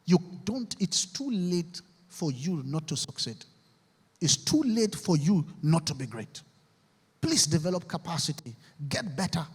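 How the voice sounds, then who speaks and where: A man's voice: on the high side, big pitch swings, measured pace, slightly rough. A man giving a rousing, preacherly motivational speech to a university audience. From Nigeria. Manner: preacherly, leads call-and-response affirmations. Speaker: motivational speaker. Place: large university auditorium. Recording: echoey hall with long reverb.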